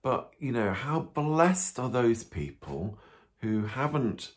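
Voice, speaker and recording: A priest voicing a gentle, kindly teacher coaxing a disciple in a children's Bible story. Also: male voice, mid-range voice, very animated, slow. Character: gentle, kind risen teacher speaking to a disciple.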